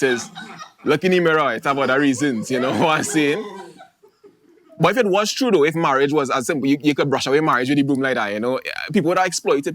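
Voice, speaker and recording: Fast, bright Trinidadian comic. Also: male voice, medium pitch. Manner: animated, chatty storytelling with dialect phrasing. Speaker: stand-up comedian. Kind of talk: stand-up comedy.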